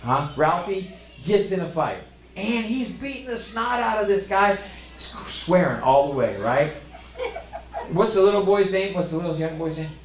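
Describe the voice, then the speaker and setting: A pastor delivering a sermon, telling rambling family stories with false starts and self-deprecating humor. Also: male voice, sits high, expressive, normal speed, roomy sound.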